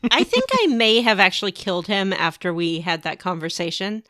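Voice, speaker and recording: A woman's voice: medium pitch, animated, fairly quick, bright, forceful tone, no echo, studio quality. A woman co-hosting a podcast, chatting casually and teasingly about a video game. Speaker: podcast co-host.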